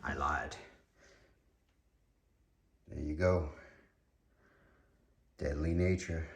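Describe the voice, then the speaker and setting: A man's voice: very deep voice, fairly even intonation, very slow, far from the mic, slight background noise. A man with a New York accent hosting a casual collectibles unboxing video, chatty and hyping his reveals straight to viewers. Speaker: collectibles reviewer. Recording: echoey room, voice a bit off-mic.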